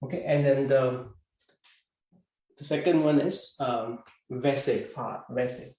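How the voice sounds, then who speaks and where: A man's voice: medium pitch, normal speed, dark tone, roomy sound, rough recording. A man teaching a language class over a video call, talking with many fillers and putting questions to his students. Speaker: Hindi teacher.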